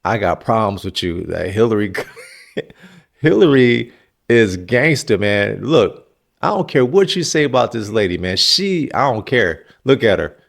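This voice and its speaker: A man giving casual, animated reaction commentary in heavy slang. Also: medium pitch, a little slow, creaky.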